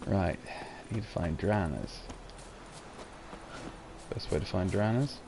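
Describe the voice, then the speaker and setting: Playing through a game, a young British man offers sarcastic, casual commentary, cursing and muttering to himself. His voice sits low, and he takes it slowly.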